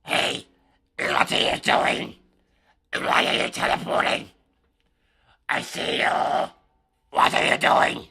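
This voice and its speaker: A young man putting on the voice of a creepy game moderator who stalks cheaters, in a slow, unvoiced hiss that climbs to a shouted whisper. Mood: eerie whisper. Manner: slow, drawn-out, menacing.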